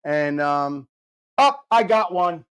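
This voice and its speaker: Energetic teasing radio host man. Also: on the high side, slow, clear, resonant tone. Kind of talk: live radio banter. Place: radio studio. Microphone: studio microphone.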